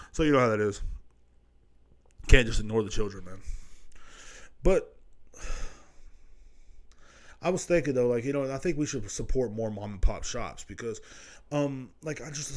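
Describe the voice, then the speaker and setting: Rambling, profane podcast host, a man. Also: on the low side. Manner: rambling, profane, jumps between stories. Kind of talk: casual solo monologue.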